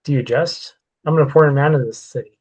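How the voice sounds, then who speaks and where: A man's voice: fairly high pitch, fast talker, darkish tone, breathy edge, no echo, rough recording. A man voicing a proud, stern older man who gives orders in formal, old-fashioned speech, as he reads his own story aloud. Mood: indignant.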